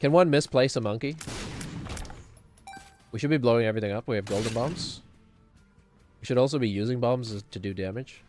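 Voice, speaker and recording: A man's voice: mid-range voice, fairly quick, pauses often, over music. Rambling man chatting over a game. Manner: rambling, chuckling, self-mocking. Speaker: streamer. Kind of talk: casual gaming commentary.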